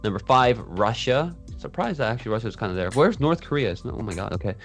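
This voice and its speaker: Mid-pitched man co-hosting a podcast. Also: expressive, fast, faint music behind. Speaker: podcast co-host. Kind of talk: casual podcast chat.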